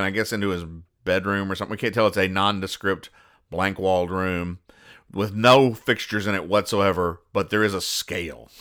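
A man hosting a comedy podcast, explaining comic strips in a dry, deadpan, sarcastic way with frequent restarts. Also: on the low side. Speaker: podcast host reading comics.

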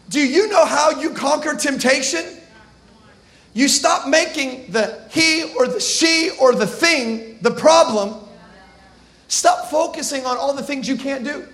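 A man preaching a sermon, animated and humorous, retelling scripture with slang. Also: extremely high pitch, measured pace, creaky. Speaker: pastor.

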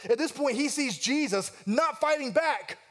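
A high-voiced man delivers a sermon, working through a passage verse by verse. He acts out the quoted lines with rising intensity and pauses to ask his listeners questions. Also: animated. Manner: asks the congregation questions. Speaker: pastor.

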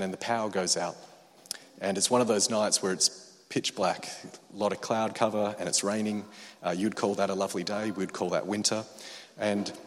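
A lower-pitched Australian man preaches a sermon, mixing quiet reflection with lively storytelling. His voice carries a long reverb, as if from a large hall. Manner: quiet and reflective, growing loud and excited as the story builds. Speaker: pastor.

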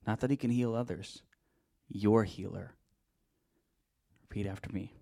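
A pastor with a lowish, warm voice speaks fast with fairly even intonation. He leads his congregation through repeat-after-me prayers and declarations in a charismatic sermon and prayer ministry.

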